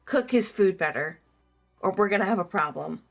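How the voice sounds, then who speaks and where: A woman's voice: mid-range voice, expressive, normal speed, creaky, pitched above the performer's own voice. A woman voicing a protective young woman who scolds cooks, in a tabletop game stream. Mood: stern. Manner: stern, scolding.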